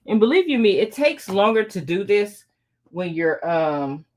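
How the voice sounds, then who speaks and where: A woman's voice: mid-range voice, big pitch swings, a little slow, darkish tone. A middle-aged woman hosting a casual live quilting tutorial, chatting with her viewers as she sews. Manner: chatty, talks to viewers while working. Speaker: quilting channel host.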